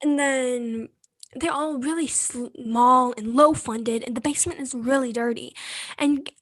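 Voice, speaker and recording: A young woman casually retelling a movie plot as co-host, slipping into quick quoted voices. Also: high-pitched, a bit bright, dry recording. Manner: retells scenes with quick put-on character quotes. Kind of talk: casual chat.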